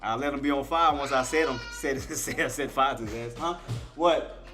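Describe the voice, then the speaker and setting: A man's voice: mid-range voice, moderate pace, pushed and bright, soft background music. A man hosting a day-trading live stream, chatting casually and teasing playfully, laughing often.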